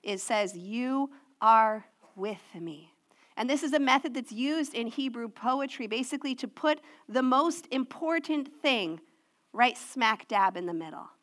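Woman preacher giving a sunday sermon, a bit higher voice, soft and earnest. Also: expressive. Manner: slows and softens to read scripture.

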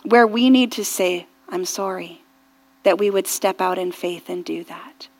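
A woman pastor preaching a sermon earnestly and reflectively, often dropping to a hushed near-whisper and rising to fervent prayer. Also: lowish voice, unhurried. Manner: rises to fervent intensity in prayer.

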